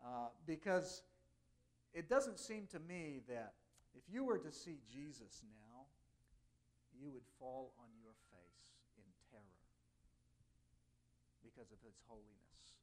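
A male pastor giving a conversational sermon, speaking plainly with many hesitations and slowing down to read scripture aloud. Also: mid-range voice, expressive.

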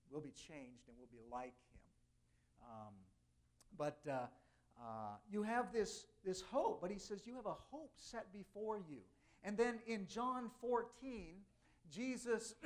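A male pastor with a voice that sits high and sounds a little mellow delivers a conversational sermon. He speaks plainly with many hesitations and slows down when reading scripture aloud.

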